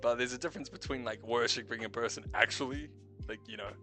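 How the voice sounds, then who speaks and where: Talking fast in a pushed, bright, medium-pitched voice, a young Kiwi stream host chats late at night, cursing freely, laughing often and reflecting on life, with faint music behind him.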